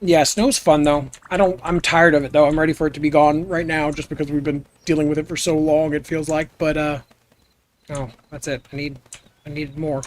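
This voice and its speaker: A man's voice: on the high side, flat delivery, fairly quick. A man live-streaming a building game, chatting casually and goofily with his viewers as he plays. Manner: rambling, goofy, chats with viewers while playing. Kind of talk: casual gameplay stream chat.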